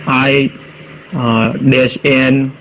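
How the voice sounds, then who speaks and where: A young man answering exam questions with halting, filler-heavy replies over a video call. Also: mid-range voice, level tone, fairly bright tone, a little hiss or hum, low-quality recording. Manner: hesitant, halting, many fillers. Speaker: student in an oral exam.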